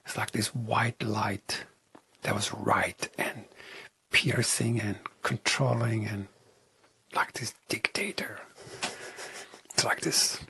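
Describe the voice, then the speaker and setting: A man talking reflectively as an interview guest, soft-spoken and often dropping into a whisper. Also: fairly low pitch, flat delivery, slow, gravelly, slight background noise.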